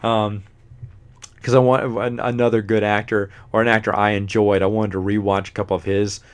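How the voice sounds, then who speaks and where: A man's voice: on the low side, flat delivery, moderate pace, clear, resonant tone. A man, casually reviewing movies as a host, rambling and often forgetting names.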